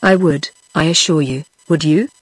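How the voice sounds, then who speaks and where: A synthetic British-accented female voice reading the lines of a wistful, teasing woman in her late forties, in an even, unhurried way. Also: low-pitched, slightly rough, no echo. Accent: British English.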